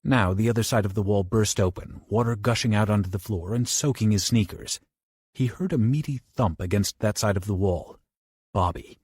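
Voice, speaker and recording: A man's voice: lowish voice, a little fast, husky, dry recording, clean studio sound. A man narrating a horror audiobook in a dramatic style. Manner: dramatic, with lively shifts into character voices.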